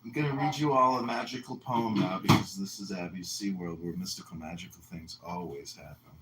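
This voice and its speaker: A man's voice: low-pitched, fairly quick, a bit bright. A man hosting a casual audio room chat, full of crude mocking jokes. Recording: roomy echo, faint noise.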